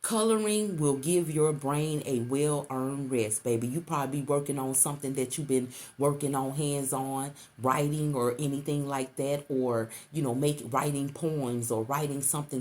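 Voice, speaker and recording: Here a middle-aged woman with a bass voice and darkish tone speaks at a moderate pace, with fairly even intonation and few pauses. She's a tarot reader doing an intuitive reading to the viewer, coaxing, repeating herself, and calling the listener baby.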